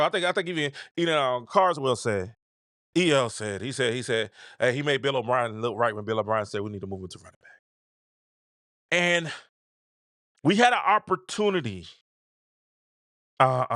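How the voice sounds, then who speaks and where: Man, sports show host, bright voice, dry close sound, exasperated, repeats himself. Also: medium pitch, very animated, a little fast, pauses often, no echo. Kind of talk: call-in sports talk show.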